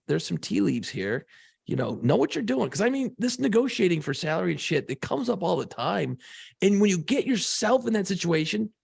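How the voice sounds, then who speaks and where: A man's voice: high voice, gravelly, husky, no echo, studio quality. A man co-hosting a podcast in casual chat, handing out blunt advice and swearing freely. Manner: blunt, swears, gives pep-talk advice. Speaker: podcast co-host.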